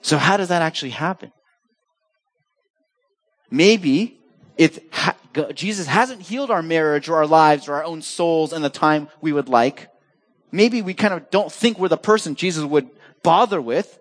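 A middle-aged man preaching a sermon as pastor, animated, swinging between urgent highs and soft low asides. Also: normal speed.

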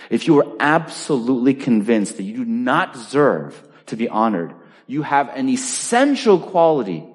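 A man's voice: medium pitch, darkish tone. A middle-aged man preaching a sermon as pastor, emphatic and full of rhetorical questions. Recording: reverberant hall.

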